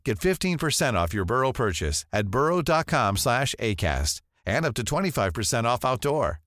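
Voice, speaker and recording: A man's voice: medium pitch, a bit bright, no room sound, clean studio sound. Man reading an upbeat furniture ad. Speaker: ad reader. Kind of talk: sponsor read.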